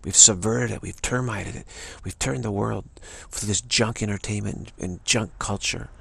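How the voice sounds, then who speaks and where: A man's voice: lowish voice, moderate pace, vocal fry, a bit bright, husky, no room sound. A man giving an emphatic spiritual talk, repeating and restarting phrases as he presses his point. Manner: emphatic, repetitive, many restarts. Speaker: spiritual teacher.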